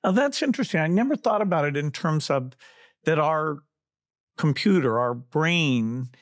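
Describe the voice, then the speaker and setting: A man hosting a podcast interview, talking in a thoughtful, halting way with restarts and filler words. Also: on the high side, animated, no echo, clean studio sound. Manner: thoughtful and halting, full of "you know" and restarts. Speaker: podcast host.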